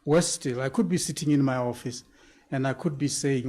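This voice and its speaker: A man answering a question on a panel, deliberate and emphatic, sometimes repeating words. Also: mid-range voice, darkish tone. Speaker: panel speaker at a public event.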